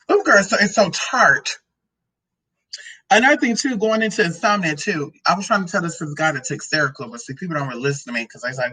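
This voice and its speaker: A woman's voice: deep voice, pushed and bright, slightly rough, poor audio. A transgender woman vlogging casually about drinks and food, sassy and profane, rambling from one tangent to the next. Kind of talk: casual product-review vlog.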